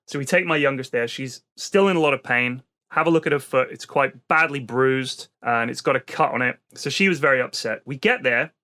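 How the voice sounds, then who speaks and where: A man's voice: medium pitch, brisk, hardly any pauses. A British man, a parent, telling a long exasperated story on a comedy podcast. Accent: British English. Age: adult parent. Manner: animated, exasperated storytelling with swearing. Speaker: podcast co-host.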